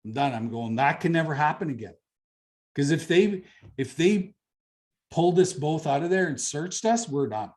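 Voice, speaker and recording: A man's voice: a little high, lively intonation, normal speed, a little mellow. A middle-aged man from Canada, telling a personal story as an interview guest in a blunt, conversational way, swearing freely and repeating phrases for emphasis. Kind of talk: candid storytelling.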